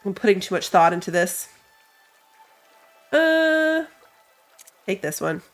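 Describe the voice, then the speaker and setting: A woman's voice: mid-range voice, very animated, takes it slowly. A woman with a stuffy nose from allergies gives casual let's-play commentary. She thinks aloud as she plays, reads game text, and laughs at herself. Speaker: gamer. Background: game music.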